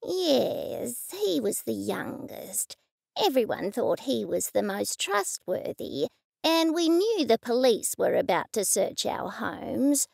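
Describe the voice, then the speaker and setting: Woman playing an old man in his eighties, slow, soft, rambling, gravelly, storybook. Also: a little high, sing-song, dry recording, studio quality, full character voice. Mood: vague.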